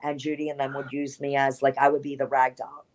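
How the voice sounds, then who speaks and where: A woman, a former pro wrestler, telling candid stories in an interview, animated and blunt, with salty language. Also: very deep voice, brisk.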